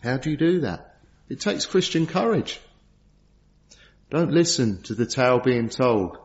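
A man's voice: mid-range voice, lively intonation, a little slow. A middle-aged man preaching a sermon, earnest and storytelling, asking rhetorical questions. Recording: dull lo-fi sound.

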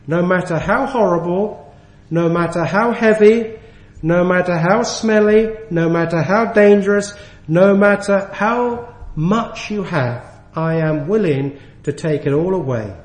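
Slow, high-voiced preacher. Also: male voice, echoey room. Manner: earnest, slows and stresses key words. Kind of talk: sermon.

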